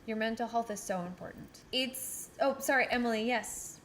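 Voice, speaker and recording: Swearing, blunt woman with a high voice. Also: normal speed, fairly bright tone. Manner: blunt, swears often, laughs mid-sentence. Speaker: podcast co-host. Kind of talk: casual podcast chat.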